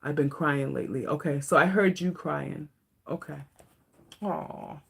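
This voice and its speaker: A woman doing a live stream tarot reading, speaking to viewers in a gentle, emotional, comforting way that turns tearful at times. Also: low-pitched, normal speed, vocal fry, slight background noise. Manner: emotional, comforting, talks to chat. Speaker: tarot reader.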